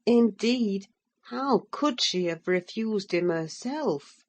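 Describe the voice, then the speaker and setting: A woman narrating an audiobook in the first person, measured and unhurried. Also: mid-range voice, animated, a little mellow.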